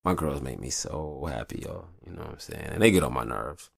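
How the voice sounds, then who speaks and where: With a husky bass voice and vocal fry, this show host talks fairly fast, rambling and swearing as he confesses things from a hot upstairs room. The sound is studio quality with no room noise, and he tells his stories with animation.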